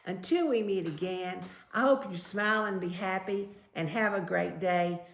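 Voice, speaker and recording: Gravelly woman reading aloud. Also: mid-range voice, normal speed. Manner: gentle, chatty asides to children. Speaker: children's story reader. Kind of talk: reading a picture book aloud to children. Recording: echoey room, faint hiss.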